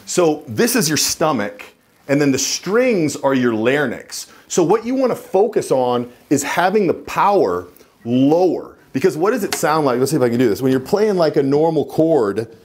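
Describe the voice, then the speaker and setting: A man coaching viewers to camera, speaking emphatically and dropping into a low chest voice to demonstrate. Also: sing-song, normal speed, a little mellow. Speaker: dating and voice coach. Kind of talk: instructional talk to camera.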